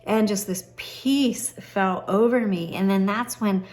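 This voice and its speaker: A middle-aged woman tells a personal story of faith in a relaxed, conversational way. She is earnest and chatty, often pausing with an "um" and going back to restart a phrase. Her voice sits at an ordinary middle pitch for a woman. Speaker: Christian vlogger. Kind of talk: personal testimony, casual storytelling.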